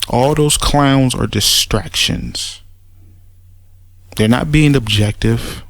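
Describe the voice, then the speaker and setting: A man's voice: medium pitch, fairly bright tone, no room sound. A man ranting casually in a response video, blunt and profane, stumbling over restarts when heated. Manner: halting restarts, repeats words when agitated. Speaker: commentator making a response video. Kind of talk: casual spoken rant.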